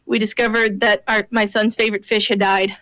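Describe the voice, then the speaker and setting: A woman's voice: mid-range voice, level tone, a little fast, fairly bright tone, no room sound, low-quality recording. A woman from Nebraska, a podcast co-host, chatting casually and laughing easily. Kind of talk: casual chat.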